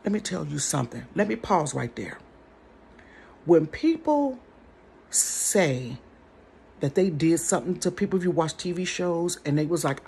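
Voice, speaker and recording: A woman telling a story in a casual storytime vlog from her bedroom, animated and chatty, talking straight to her viewers. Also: low voice, normal speed, gravelly, a little hiss or hum. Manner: animated, chatty, addresses the audience directly.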